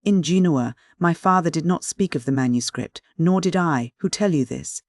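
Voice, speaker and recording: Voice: medium pitch, no echo, clean studio sound, lightly acted. A reader putting on a fiery Peruvian noblewoman. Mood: scornful fury. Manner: fierce, rapid tirade.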